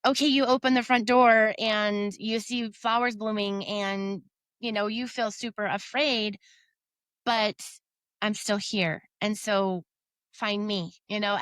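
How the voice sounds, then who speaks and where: A woman's voice: mid-range voice, a bit bright, no room sound. A woman guest on a faith podcast, talking earnestly and at length, full of "you know"s and quotes of her own thoughts. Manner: earnest, rambling with many fillers and self-quotes. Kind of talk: faith-based conversational interview.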